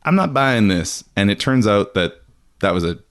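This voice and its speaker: A man's voice: fairly low pitch, very animated, moderate pace. A man hosting a podcast, telling a story in casual chat and acting out jokey quotes. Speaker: podcast host.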